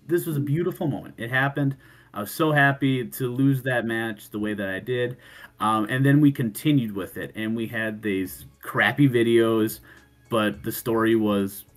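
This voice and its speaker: A man on a podcast telling a story in casual chat, animated, swearing freely and laughing, often restarting his sentences. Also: medium pitch. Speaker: podcast co-host.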